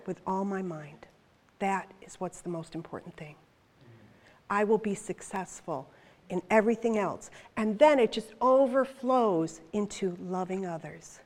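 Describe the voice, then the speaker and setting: A woman in her fifties preaching a sermon in a chatty, animated way, full of quick asides to the congregation. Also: mid-range voice. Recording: long hall reverb.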